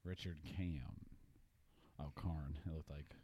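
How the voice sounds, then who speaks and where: A man's voice: a bass voice, steady tone, takes it slowly, dark tone. A man hosting a casual podcast, laughing and telling crude, profane stories. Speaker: podcast host.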